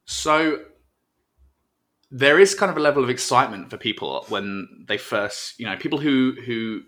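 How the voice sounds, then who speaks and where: A man with an English accent, a professional wrestler, talking in a relaxed, self-mocking way on a casual podcast, full of fillers and restarts. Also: mid-range voice, normal speed. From England.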